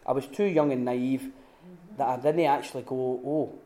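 A man giving an informal teaching talk at a retreat, telling stories with lively restarts and acted-out quotes. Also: mid-range voice, moderate pace. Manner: animated storytelling with many restarts and acted-out quotes. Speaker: retreat speaker. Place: room at a retreat. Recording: echoey room.

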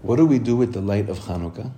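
A man with a fairly low, warm voice and lively intonation talks fast as a rabbi giving a Torah class for women. With real feeling he asks the listeners questions and answers them, repeats phrases to stress them, and blends Hebrew terms into his English.

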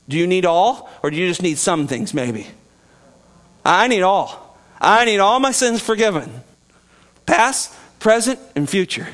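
A man preaching a sermon to his congregation, animated, acting out voices and chuckling now and then. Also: on the high side. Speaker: pastor. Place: church sanctuary.

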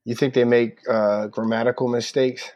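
A man's voice: mid-range voice, flat delivery, normal speed, a little mellow, dry recording. A man from the northern United States, a podcast co-host telling a story in casual chat and acting out the people he quotes.

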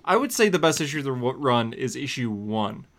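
A man co-hosting a comic book podcast in relaxed casual chat, laughing between remarks. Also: medium pitch, fairly quick. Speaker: podcast co-host.

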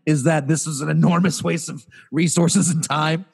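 A man's voice: fairly high pitch, fairly even intonation, normal speed, gravelly, darkish tone, breathy edge, big-room sound. A man co-hosting a podcast, telling an exasperated comic story in a casual rant and acting out the people he quotes in raised voices. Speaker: podcast co-host.

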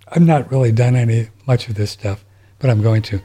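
A man's voice: mid-range voice, brisk, dark tone. A man hosting a podcast from home, reading listener messages and chatting casually, rambling with frequent restarts. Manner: rambling, with many restarts and fillers. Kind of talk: casual chat. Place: home, seated in a chair.

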